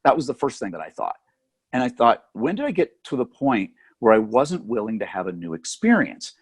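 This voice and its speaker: A middle-aged man with a slightly husky voice tells an anecdote in a relaxed podcast chat. His pitch swings widely as he acts out the other people in the story. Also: brisk. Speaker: podcast co-host.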